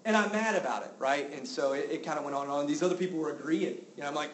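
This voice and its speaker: A man preaching a sermon as a pastor, getting loud and exclaiming when indignant. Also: very fast, hardly any pauses. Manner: animated, exclaiming with rising pitch when indignant. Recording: roomy with faint background noise.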